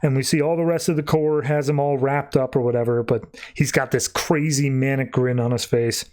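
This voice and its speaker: A man's voice: mid-range voice, fairly even intonation, fairly quick, a little mellow. A man hosting a podcast, loosely retelling a comic plot with plenty of fillers. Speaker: podcast host. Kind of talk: casual comic recap.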